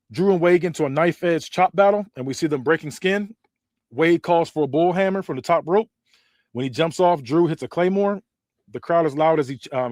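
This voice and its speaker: A man hosting a podcast narrates a story in a hurried, casual way, often restarting and correcting himself. His voice is slightly high, and the recording is close and dry. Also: a little mellow, dry recording. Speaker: podcast host.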